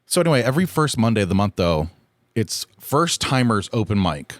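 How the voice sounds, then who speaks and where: A man's voice: fairly low pitch, sing-song, brisk, dry recording, studio quality. A man hosting a solo podcast, talking in a rambling, candid and profane way, often poking fun at himself. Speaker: podcast host. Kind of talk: casual solo podcast chat.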